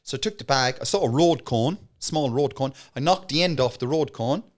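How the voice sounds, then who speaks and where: A man's voice: mid-range voice, moderate pace. An Irish man, a comedian guest on a podcast, telling stories in casual chat and acting out the other people in them. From Ireland. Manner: animated storyteller, acts out voices in bursts.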